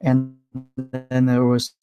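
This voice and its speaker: A man candidly recounting a painful personal story in a vlog, emotional, with many restarts and pauses. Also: medium pitch, monotone, mellow, muffled recording, soft background music. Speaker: vlogger.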